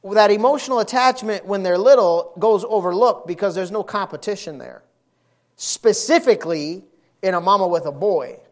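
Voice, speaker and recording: A middle-aged man preaching a sermon, telling stories in a lively, folksy way and hammering points home with repetition. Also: high-pitched, moderate pace. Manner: animated, folksy storytelling with emphatic repetition.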